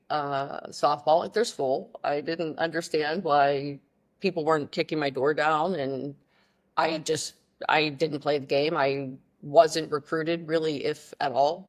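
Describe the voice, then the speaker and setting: Chatty woman telling stories as a guest. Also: sits low. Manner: animated, full of fillers and restarts. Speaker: podcast guest. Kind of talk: casual storytelling.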